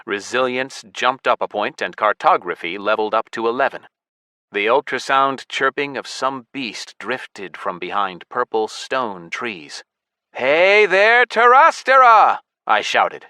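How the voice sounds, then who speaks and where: A man narrating a science fiction audiobook in the first person, with steady, measured storytelling on a close studio mic. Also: on the low side, no echo.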